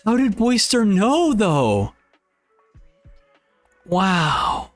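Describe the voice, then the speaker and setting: A young man reacting to a manga as he reads it aloud, excitable and exclaiming often. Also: high voice, drawn-out words, faint music behind.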